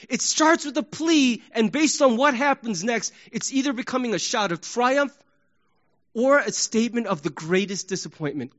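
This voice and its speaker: A male pastor delivers an animated sermon, his voice sitting high. He acts out crowd shouts and sports examples. The recording sounds muffled and lo-fi. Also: normal speed.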